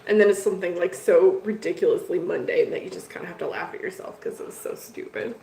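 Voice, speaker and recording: A woman's voice: lowish voice, steady tone, quick pace, gravelly, dark tone. A middle-aged woman, host of a hobby channel, chatting casually with viewers as she tells a story, laughing often. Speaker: betta fish channel host. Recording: echoey room.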